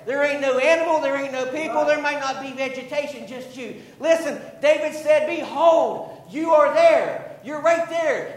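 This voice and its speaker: A male pastor preaching a sermon, building to emphatic, drawn-out declarations. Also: very high voice, roomy sound, poor audio. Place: church sanctuary.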